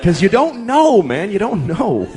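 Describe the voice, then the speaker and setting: Middle-aged guy doing standup, high voice swinging all over, swears a lot, crowd faint behind. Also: measured pace, a little hiss or hum. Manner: animated, exasperated ranting with profanity. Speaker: stand-up comedian. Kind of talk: stand-up comedy routine. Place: large theater stage before a live audience.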